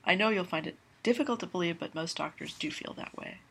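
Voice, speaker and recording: A confident young male doctor from a read-aloud novel, eager to please, as a woman reads him. His lines come brisk and agreeable, low and gravelly, with a husky grain. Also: fairly bright tone. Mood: earnest.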